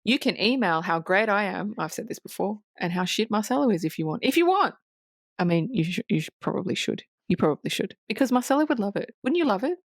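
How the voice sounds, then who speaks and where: A woman's voice: mid-range voice, expressive, quick pace, few pauses, no echo, studio quality. Foul-mouthed, giggly woman podcast host. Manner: swears freely, laughs often, playful and loud. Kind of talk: casual chat.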